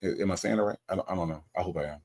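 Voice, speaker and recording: A man's voice: low voice, racing, darkish tone. A man hosting a casual livestream, reading chat comments aloud and joking, often stumbling and repeating himself.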